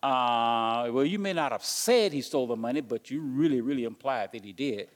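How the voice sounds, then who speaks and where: A man's voice: mid-range voice, expressive, moderate pace, long reverb tail. A man preaching a sermon as pastor, stumbling and repeating words as he goes and asking the congregation questions.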